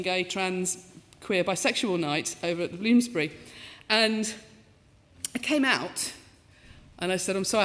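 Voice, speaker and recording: Giving a storytelling talk with comic asides, a woman professor in her fifties speaks in a mid-range voice from the stage of a large, echoing lecture hall. She's animated and pokes fun at herself, performing the quoted voices.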